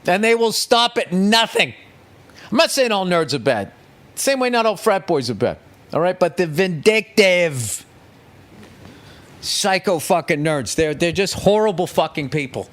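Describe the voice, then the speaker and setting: A man's voice: high voice, very animated, measured pace, fairly bright tone. A man hosting a podcast, delivering a profane, sarcastic comedic rant monologue. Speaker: podcast host.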